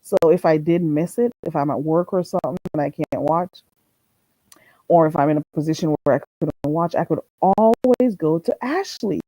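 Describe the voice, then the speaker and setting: A woman hosting a casual livestream, spinning gossipy stories with lots of energy. Her voice is warm and mellow, and it sounds dry and close with no room around it. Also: low-pitched, dry recording, low-quality recording. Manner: animated gossipy storytelling, quick laughs. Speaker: livestream host. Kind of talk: casual livestream chat, reading viewer comments.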